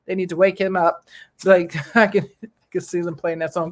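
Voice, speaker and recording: A person delivering a casual opinion monologue to viewers, animated and exclamatory, with slangy asides and lots of fillers. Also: moderate pace. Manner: animated, slangy and exclamatory, with big pitch jumps.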